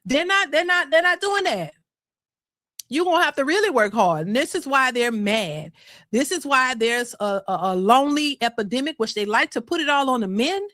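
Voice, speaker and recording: A sassy woman hosting a reaction channel, ranting to her viewers with emphatic slang. Her voice sits high and bright. The sound is close and dry with no room echo. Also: expressive, normal speed. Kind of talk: casual commentary to viewers.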